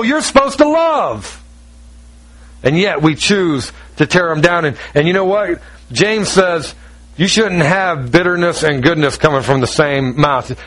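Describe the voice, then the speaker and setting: A man with a somewhat high, slightly bright voice preaches a sermon, captured in low audio quality. The pastor's style is emphatic and conversational, full of rhetorical questions, and he acts out the people he quotes.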